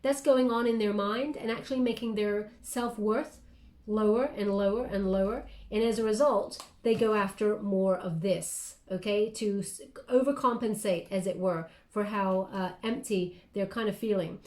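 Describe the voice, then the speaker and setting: Woman, psychic reader, soothing and reassuring, warm relaxed voice, roomy echoey room. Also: mid-range voice, normal speed. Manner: soothing, reassuring, talks in loose phrases with frequent fillers. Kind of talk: spiritual guided reading addressed to the listener. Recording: roomy echo.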